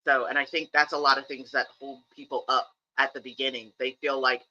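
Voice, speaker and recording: A woman with a piercingly bright, sharp voice talks straight to her stream audience, candid and emphatic. She hammers her points home by repeating them. The audio is a little dull and lo-fi. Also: very deep voice, flat delivery, fairly quick, hardly any pauses. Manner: emphatic, candid, repeats key phrases for stress. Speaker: streamer host. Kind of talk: casual livestream talk, earnest advice.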